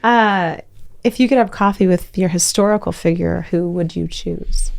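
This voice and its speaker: A woman's voice: lowish voice, normal speed, gravelly. A woman co-hosting a podcast, asking interview questions in a casual, teasing chat. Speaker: podcast co-host.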